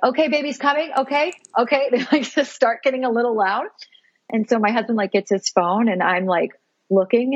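Woman podcast guest, husky voice, lively storyteller, slightly dull lo-fi recording. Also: mid-range voice, no echo. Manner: animated, laughs often, fillers like "like". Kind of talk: personal storytelling.

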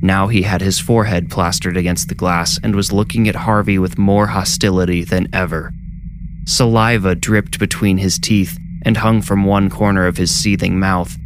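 Deep-voiced man narrating a horror story. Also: background noise. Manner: measured, steady storytelling. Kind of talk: scripted narration.

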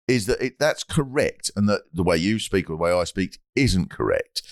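British comedy podcast host, middle-aged man; lively, sweary rambles, dry recording. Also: low voice, moderate pace, hardly any pauses, no room sound. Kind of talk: casual chat.

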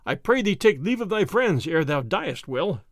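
A man's voice: sits high, big pitch swings, normal speed, no echo, studio quality. A man voicing a bold, hearty outlaw in a storybook reading. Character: bold cheerful outlaw, big brave man.

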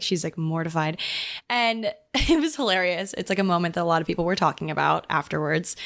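A woman's voice: on the low side, a bit bright. A young adult woman hosting a podcast in casual chat, chatty and full of "like" fillers and laughter. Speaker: podcast host.

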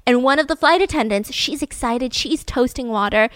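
A young woman telling a true story casually, animated and slangy, swinging between loud and hushed. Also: sits high, normal speed, dry recording. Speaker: podcast storyteller.

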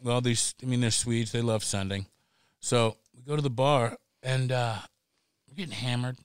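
A middle-aged man, a podcast guest, telling a wild story in a casual, animated way, swearing freely and laughing as he goes. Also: medium pitch, normal speed, clean tone, dry recording.

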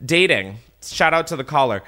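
A man's voice: a little high, expressive, moderate pace, sharp tone. A man hosting a podcast, ranting casually and exasperatedly with lots of swearing. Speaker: podcast host.

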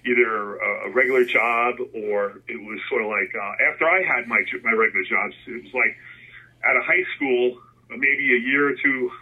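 A middle-aged man from New Jersey telling stories in a casual interview as a guest, rambling with many restarts and animated when quoting himself. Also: mid-range voice, moderate pace. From New Jersey, USA. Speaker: guest, concert photographer. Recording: phone-like line, husky.

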